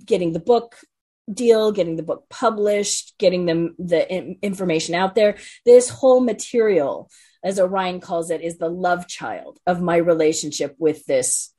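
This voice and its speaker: Woman, interview guest, lowish voice, thoughtful, lots of ums. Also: warm tone, husky. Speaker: guest, psychologist and author. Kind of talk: interview answers.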